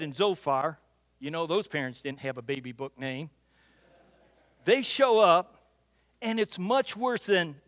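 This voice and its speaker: A man preaching a sermon, telling stories with a folksy storyteller's manner and often repeating the first word of a phrase. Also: sits high. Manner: storytelling, builds loud for punchlines; repeats words when starting phrases. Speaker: pastor. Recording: long hall reverb.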